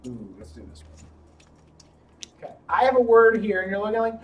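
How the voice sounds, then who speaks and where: A man's voice: on the high side, animated, muffled recording, soft background music. Encouraging male teacher sounding out words. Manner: encouraging, sounds out letters slowly and deliberately. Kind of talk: classroom lesson for young children.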